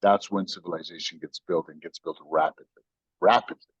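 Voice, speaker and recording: A man's voice: deep voice, fairly even intonation, a little fast, husky, no echo, lo-fi sound. An American man, a company founder, talking as a guest in an emphatic, slangy, preachy storytelling way. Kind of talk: animated storytelling interview.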